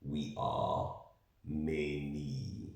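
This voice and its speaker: A South African-born man vlogging in an earnest, rambling monologue with pauses. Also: rumbling low, monotone, darkish tone. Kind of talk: casual monologue to camera. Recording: very echoey, far from the mic.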